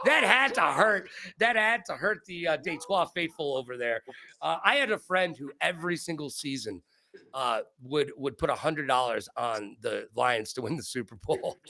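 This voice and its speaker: Animated, joking man in his forties. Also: fairly high pitch. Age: 40s. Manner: joking, animated, playful asides. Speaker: host. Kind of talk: casual interview chat.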